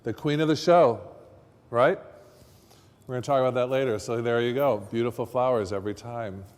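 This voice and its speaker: A man's voice: medium pitch, brisk, darkish tone, clear, resonant tone. A man teaching floristry in a hands-on demonstration lesson, chatty and coaching, quizzing his students as he works. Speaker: floristry instructor. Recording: long reverb from a hall.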